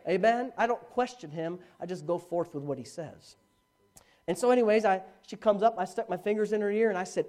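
A middle-aged man preaching a sermon as a pastor, telling a story with animated swings from hushed speech to shouting. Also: high voice, fairly quick.

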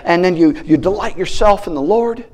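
A man preaching a sermon as a guest speaker, animated, breaking into shouted praises and acting out the voices in his stories. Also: high-pitched, a little fast.

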